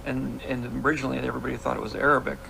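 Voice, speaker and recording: Gravelly man explaining calmly. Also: mid-range voice, a loud crowd. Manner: measured, explains with restarts. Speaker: filmmaker interview guest. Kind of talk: reflective interview talk. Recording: noisy archival interview audio.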